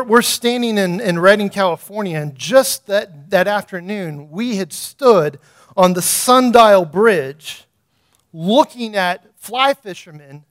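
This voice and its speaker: A man preaching a sermon, building to fervent, repeated emphatic calls. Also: high-pitched.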